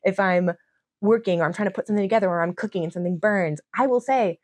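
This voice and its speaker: A woman's voice: on the low side, fairly even intonation, racing, darkish tone, dry recording. A woman in her thirties co-hosting a podcast, explaining parenting ideas in an earnest, chatty way. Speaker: podcast co-host. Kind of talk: casual chat.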